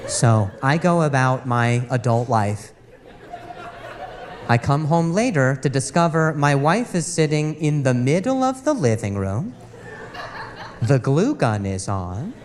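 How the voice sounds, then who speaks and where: A man in his thirties doing a stand-up comedy set, telling a story with lively stutters and acting out the people in it. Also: medium pitch, takes it slowly, pauses often, long reverb tail. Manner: animated storytelling with stutters and acted-out quotes. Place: comedy club stage with a laughing audience. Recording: live club audio with audience noise.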